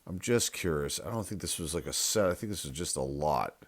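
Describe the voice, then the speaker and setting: A husky male voice with an extremely low pitch, speaking fairly quickly and expressively in a dry recording with no echo. He's a sports card collector opening a box of cards, chatting casually and a bit unsure of himself, thinking aloud and reading off player names as he goes.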